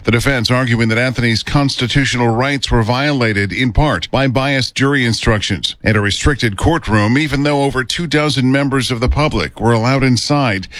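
Brief: male reporter, steady read, dry close sound. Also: medium pitch, moderate pace, few pauses, dry recording. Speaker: news correspondent. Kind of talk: news report.

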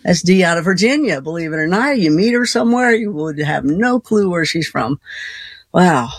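A woman's voice: on the low side, expressive, normal speed, breathy edge, no echo. A woman hosting a late-night call-in radio show, chatty and folksy, laughing easily between callers. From Colorado. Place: radio studio.

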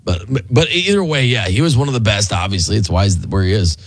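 A man's voice: on the low side, lively intonation, a little fast, slightly rough, no room sound. A man co-hosting a sports talk show, rambling and thinking aloud as he goes.

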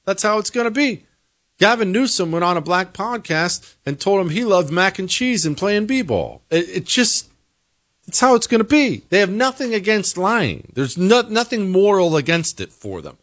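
A man's voice: high-pitched, very animated, normal speed, fairly bright tone, dry recording, clean studio sound. A man hosting a political commentary monologue, talking in an opinionated, emphatic way. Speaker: host.

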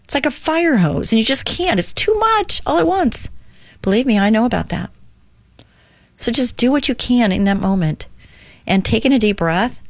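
A woman hosting her own radio show, reading a devotional aloud and talking earnestly and encouragingly about faith and calm. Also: medium pitch, dry recording. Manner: earnest, encouraging, reads slowly. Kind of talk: devotional reading and casual talk.

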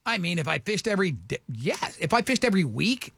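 Gravelly high-voiced radio host. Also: male voice, big pitch swings, brisk, fairly bright tone, dry recording. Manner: gravelly, rambling and restarting mid-sentence. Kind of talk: casual radio banter. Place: radio studio.

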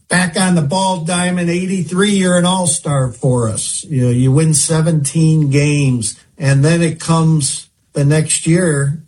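A man interviewing a former pitcher, speaking in a measured, complimentary way. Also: darkish tone.

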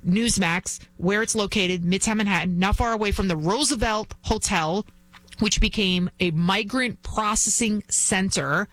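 A woman's voice: mid-range voice, a little slow, fairly bright tone. A woman filling in as host of a talk show, delivering a fervent opinion monologue full of repeated rhetorical questions. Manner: acts out quoted voices while retelling.

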